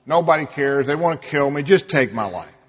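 Preacher acting as a despairing prophet. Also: male voice, a little high, lively intonation, a little fast, husky, long reverb tail. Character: despairing male prophet, weary and complaining.

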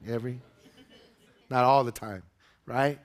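The pastor's voice is mid-range and unhurried. Preaching in a church sanctuary to his congregation, he brings a story to life by acting out the voices within it.

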